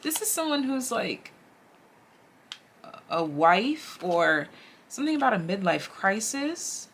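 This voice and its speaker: A woman giving a casual, chatty tarot reading straight to her viewers, animated and slangy. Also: mid-range voice, slow, slight background noise. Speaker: tarot reader.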